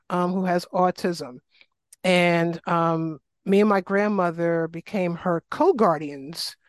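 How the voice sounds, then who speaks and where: A woman's voice: medium pitch, dry recording. Dry-voiced middle-aged woman storyteller. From New York. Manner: animated, acts out quoted voices, frequent fillers. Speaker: guest, wellness coach. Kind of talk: casual interview storytelling.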